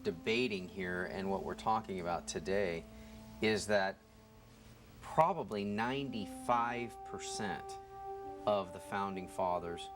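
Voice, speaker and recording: A male interview host with a lowish voice asks questions at a very unhurried pace. Music plays clearly behind him.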